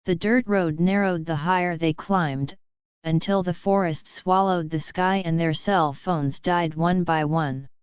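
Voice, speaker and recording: A woman narrating bedtime horror stories in a calm, soft, hushed and atmospheric way, as the regular host of the channel. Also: lowish voice, measured pace, smooth, no echo, muffled recording.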